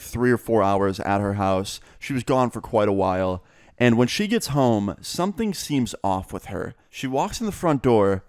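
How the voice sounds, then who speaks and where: A man's voice: on the low side, a little mellow, dry recording, studio quality. A young man telling a storytime vlog in a casual, chatty way, with lots of filler words. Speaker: vlogger.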